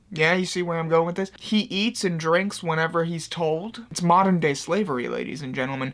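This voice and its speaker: A young commentary YouTuber with a high, somewhat bright voice hosts comedic video commentary. He's crude, mocking and profane, and often laughs at his own jokes.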